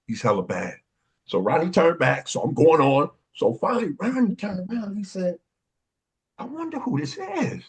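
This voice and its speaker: A man, excitedly telling stories on a panel and acting out the voices of the people in them. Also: on the high side, breathy edge. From Oakland, California. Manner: excitable, acts out quoted voices, street slang. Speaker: panel guest, dance pioneer. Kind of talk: animated storytelling in a panel conversation.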